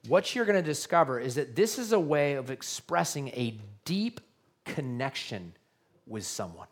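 A man's voice: medium pitch, big pitch swings, moderate pace. A male pastor giving a sermon, earnest and repetitive, often checking in with his listeners by asking questions.

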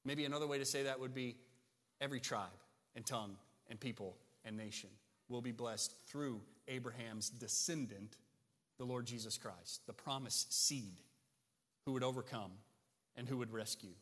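A man's voice: mid-range voice, normal speed, a bit bright. A male pastor preaching a sermon to his congregation, emphatic and often checking in with "right?". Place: church sanctuary. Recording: long church reverb.

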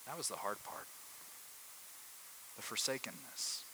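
A man's voice: on the low side, lively intonation, unhurried, background noise. A man preaching a sermon to a room in a conversational way, often asking his listeners rhetorical questions.

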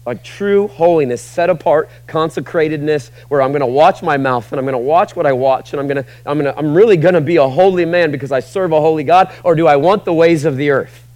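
A man's voice: a little high, quick pace, hardly any pauses, no room sound. Emphatic male pastor preaching. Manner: dynamic preaching, swings between loud emphatic peaks and quiet asides. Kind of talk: sermon.

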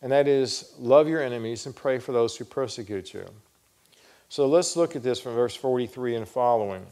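A man's voice: medium pitch, normal speed, warm tone. A male pastor preaching a sermon, earnest and questioning, telling stories to make his point.

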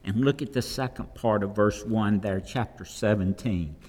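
A man's voice: fairly low pitch, normal speed, a little mellow, breathy edge. A man preaching a sermon to a congregation, conversational, with repeated rhetorical questions. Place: church hall. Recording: long reverb of a church hall.

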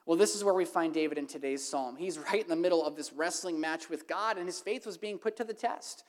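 A woman's voice: fairly low pitch, brisk. A woman preaching a sermon to her congregation, emphatic and building to impassioned, repeated questions. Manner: emphatic, rising to impassioned repetition.

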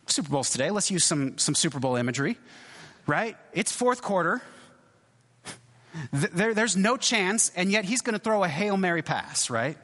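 A man giving a sermon as a pastor, in a conversational, halting way with many restarts and asides. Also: sits high, lively intonation, a bit bright. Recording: long hall reverb.

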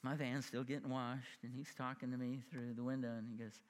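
A man in his fifties preaching a sermon, telling a personal story in an animated way, acting out the voices of the people in it and laughing at himself. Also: mid-range voice, a little fast, hardly any pauses. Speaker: pastor. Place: church sanctuary. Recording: long hall reverb.

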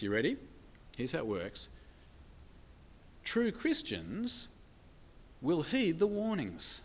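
A man preaching a sermon, emphatic, asking the congregation rhetorical questions and slowing down to stress key points. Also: on the high side. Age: adult with children.

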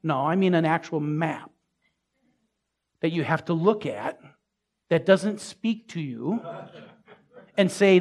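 A pastor delivering a sermon in a conversational way. He asks the congregation questions and builds to emphatic peaks. His voice is husky and sits a little high for a man. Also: lively intonation, slow, long pauses. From Minnesota. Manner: conversational preaching with rising emphasis and asides to the congregation.

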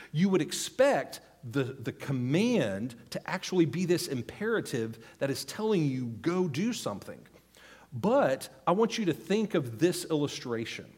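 A man in his thirties delivering a sermon in a church, his voice a little husky. He speaks unhurriedly, with a lively rise and fall, teaching earnestly and pleading his points to the congregation. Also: a little high. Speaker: pastor.

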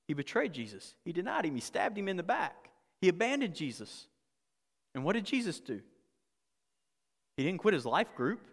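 A man pastor preaching a sermon in a conversational, animated way, repeating phrases for emphasis. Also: fairly high pitch, vocal fry. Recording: long reverb of a large hall.

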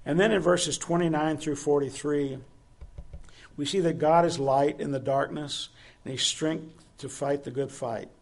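Male preacher, gravelly and slightly high-pitched, earnest sermon delivery with questions to the congregation. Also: steady tone, measured pace, darkish tone. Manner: earnest, asks the listeners direct questions.

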